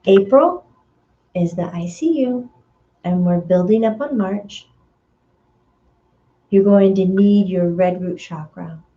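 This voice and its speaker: A woman medium talks slowly through a spiritual energy reading, her voice soft and mellow. She hunts for words with plenty of fillers and sometimes breaks into sudden high acted voices. The recording sounds a little dull and muffled. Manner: slow, dreamy, searching for words with many fillers.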